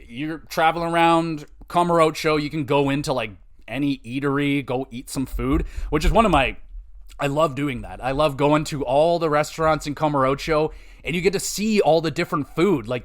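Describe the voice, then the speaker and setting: A man hosting a podcast, rambling casually and swearing as he retells game stories. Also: on the high side. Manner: rambling, profane, animated retelling with quoted voices. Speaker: podcast host. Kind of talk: casual game-review chat.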